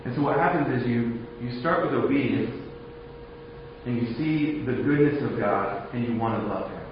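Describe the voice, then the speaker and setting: A man's voice: medium pitch, moderate pace, background noise. A man preaching a sermon in a conversational way, often restarting his phrases, recorded in a church hall. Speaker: pastor. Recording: echoey hall, dull lo-fi sound.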